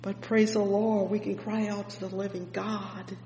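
Woman preacher, unhurried fervent sermon, mid pitch, echoey hall and faint hum. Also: little pitch movement. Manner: punctuates with "oh, yes" and "praise the Lord", swings between loud and hushed.

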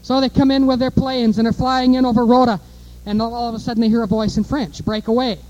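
A man preaching a fiery sermon, emphatic and repetitive, moving between offhand asides and loud declarations. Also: very high voice, flat delivery, fast, dull audio.

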